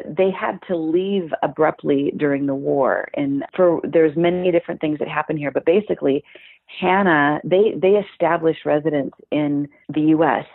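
A woman co-hosting a talk show, telling a long story in a lively way with fillers and restarts. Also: deep voice, no room sound. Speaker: podcast co-host. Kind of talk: storytelling conversation. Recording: thin phone-like audio.

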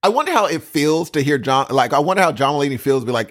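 Animated, rambling male podcast co-host. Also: on the high side, fast. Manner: animated, rambling, acts out quotes. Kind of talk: casual chat.

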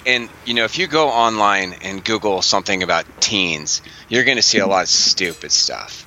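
A man's voice: lowish voice, normal speed, sharp tone, slight background noise, rough recording. A man in his forties, a parenting coach and guest, talking casually and acting out parents and teens in funny voices. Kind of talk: casual podcast chat.

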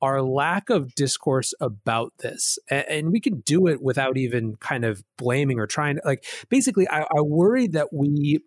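A man hosting a podcast, answering his guest in a thoughtful, measured way with some hesitations. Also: fairly high pitch, animated, no room sound, studio quality. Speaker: podcast host. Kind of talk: casual podcast interview.

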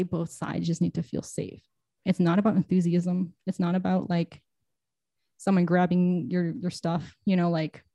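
A woman's voice: fairly low pitch, warm tone, no echo. A woman who is a guest on a podcast, talking in an earnest and reflective way in casual conversation.

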